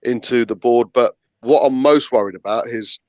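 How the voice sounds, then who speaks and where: A man's voice: mid-range voice, moderate pace, a little mellow, dry recording, highs cut off. Give me a man joking on a chat stream, close and dry. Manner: repetitive, joking. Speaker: guest. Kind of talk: casual chat.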